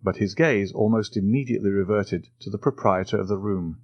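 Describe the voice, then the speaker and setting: A man's voice: lowish voice, brisk, darkish tone, no room sound. Man reading a classic novel aloud. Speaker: audiobook narrator. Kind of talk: scripted narration.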